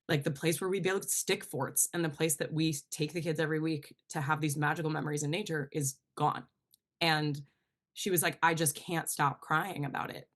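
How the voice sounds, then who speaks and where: Young woman guest, low voice, earnest chatty interview talk. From New Jersey. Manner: earnest, animated storytelling with quoted asides. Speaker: guest, climate educator and show host. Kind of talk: conversational interview.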